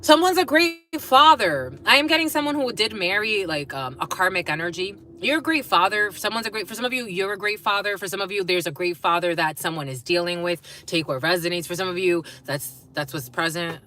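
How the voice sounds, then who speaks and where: A tarot reader with a fairly low, expressive voice talks briskly with few pauses, her tone pushed and bright over a little hiss or hum. Giving a collective reading to camera, she's blunt and swears, stopping to laugh when messages come in.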